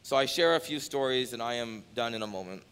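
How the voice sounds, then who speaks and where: A man preaching a sermon, moving from quiet storytelling to loud, rising pleas, often repeating phrases for emphasis. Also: medium pitch, quick pace, creaky, clean tone. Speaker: pastor.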